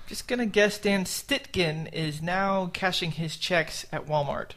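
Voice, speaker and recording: A man co-hosting a casual sports podcast, talking quickly and joking about fighters. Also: sits high, a bit bright. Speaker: podcast co-host.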